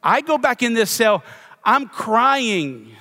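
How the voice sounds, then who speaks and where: Middle-aged male pastor from Louisiana, high-pitched, wry self-mocking sermon storyteller, long reverb of a church hall. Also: big pitch swings, slow, sharp tone. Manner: self-deprecating storyteller, playful asides. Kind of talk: sermon with humorous personal story.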